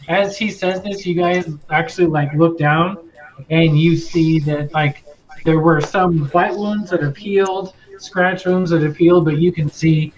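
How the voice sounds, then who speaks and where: A man's voice: a little high, steady tone, a little slow. A man narrating a tabletop game as game master, talking in a loose, rambling way. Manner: loose and rambling, many fillers. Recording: lo-fi with faint music.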